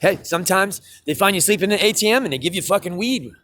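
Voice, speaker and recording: Man, street musician, high lively voice, loose and profane, laughing through his stories. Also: fast talker, no echo. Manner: profane, rambling, laughs often. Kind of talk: casual storytelling.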